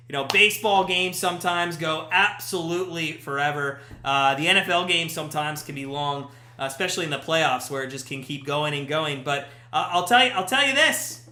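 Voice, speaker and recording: A man hosting a live watch-party stream, giving chatty play-by-play that jumps to shouts at big chances. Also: sits high. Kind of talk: casual watch-party commentary. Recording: echoey room.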